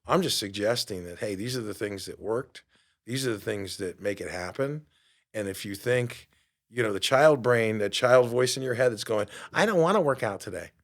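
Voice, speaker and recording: Speaking at normal speed with a voice on the low side, a man in his fifties offers a lively motivational monologue. He hosts a podcast and coaches fitness, and he performs the voices he quotes.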